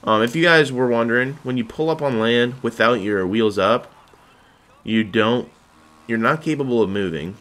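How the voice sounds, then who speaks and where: A man's voice: medium pitch, normal speed, a bit bright. A young man giving rambling, jokey commentary over his own gameplay footage. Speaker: gaming video host.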